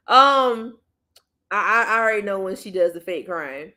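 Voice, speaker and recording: A woman hosting a casual livestream, gently coaxing and soothing a child, then chatting easily with her viewers. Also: medium pitch, expressive, normal speed. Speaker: livestream host and mother.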